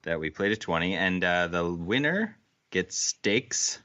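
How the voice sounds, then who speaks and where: A man's voice: low-pitched, lively intonation, a little slow, bright, forceful tone. A man in his forties co-hosting a casual podcast, joking, teasing and laughing often. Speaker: podcast co-host. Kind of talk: casual chat.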